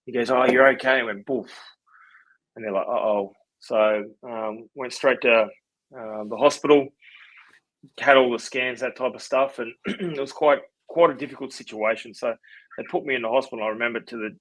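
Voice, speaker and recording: A man's voice: medium pitch, moderate pace, dry recording, rough recording. Australian man, forties, rambling podcast guest, dry close recording. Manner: relaxed, rambling with many fillers. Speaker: podcast guest, former rugby league player. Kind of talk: casual storytelling interview.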